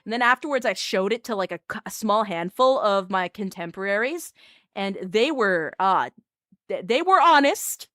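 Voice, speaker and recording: A woman VTuber chatting casually on a live stream, animated and self-mocking. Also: mid-range voice, normal speed, dry recording, clean studio sound.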